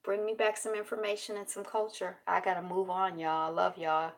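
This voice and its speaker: A woman's voice: fairly low pitch, flat delivery, brisk, recorded from a distance. A woman vlogger chatting casually through news items, rambling and thinking aloud.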